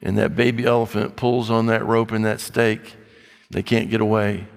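A middle-aged man preaching a sermon as pastor, blunt and scolding, with animated delivery. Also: on the low side, moderate pace, gravelly, clear, resonant tone. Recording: long hall reverb.

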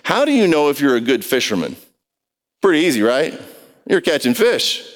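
A man's voice: a little high, very animated, moderate pace. A man preaching a conversational sermon, telling stories and quizzing his congregation in a large church. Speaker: pastor. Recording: long reverb of a large hall.

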